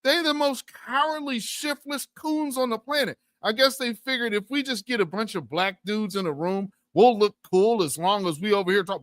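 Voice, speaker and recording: Mocking high-pitched man. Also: moderate pace, few pauses, fairly bright tone, dry recording. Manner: mocking, profane, mimics opponents in put-on voices. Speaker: host. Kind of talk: angry political commentary.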